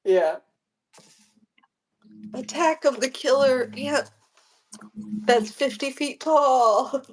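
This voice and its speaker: A young adult woman, a nurse, chatting casually and telling animated stories with frequent laughter. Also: high-pitched, drawn-out words, a little hiss or hum. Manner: animated storyteller who laughs often. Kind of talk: casual chat.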